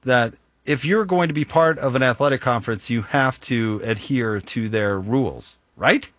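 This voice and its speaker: A man's voice: mid-range voice, moderate pace, fairly bright tone, dry recording. A man hosting a casual sports talk show, playful and conversational.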